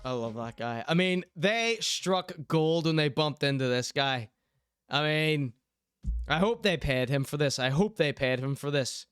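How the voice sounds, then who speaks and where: A man's voice: on the high side, lively intonation, a little slow, a bit bright, clear, resonant tone, no room sound, clean studio sound. A man hosting a show, commenting on clips casually and enthusiastically, often repeating himself. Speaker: show host.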